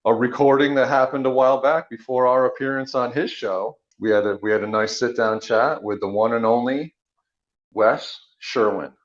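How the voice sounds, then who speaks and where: Relaxed man co-hosting, lo-fi sound. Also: mid-range voice. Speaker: co-host. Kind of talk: casual podcast chat. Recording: slightly dull lo-fi sound.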